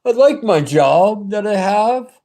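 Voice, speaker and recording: A man's voice: high voice, animated, slow, mellow. Fervent, earnest middle-aged man. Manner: earnest, rambling, fervent, with restarts. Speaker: vlogger giving a testimony. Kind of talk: personal religious testimony.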